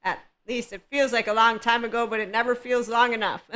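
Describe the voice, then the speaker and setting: A woman's voice: fairly high pitch, fairly even intonation, fairly quick, pushed and bright. A woman hosting a spiritual self-help podcast, talking in a playful, rambling way and laughing often. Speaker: podcast host.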